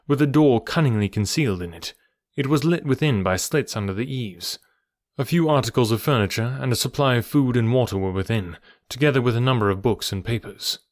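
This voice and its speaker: Steady male audiobook narrator. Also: medium pitch, a little fast, no echo, clean studio sound. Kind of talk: scripted narration of a classic detective story.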